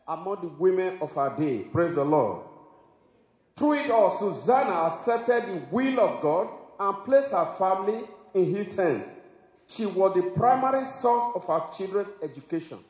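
Male preacher, somewhat high voice, emphatic sermon delivery, roomy hall reverb. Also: darkish tone. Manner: emphatic preaching with exclamations and laughs. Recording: echoey hall with long reverb.

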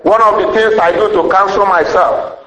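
Preacher guy, pretty high voice, emphatic sermon, echoey room. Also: steady tone, normal speed, pushed and bright. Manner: emphatic preaching with rhetorical questions and a repeated refrain.

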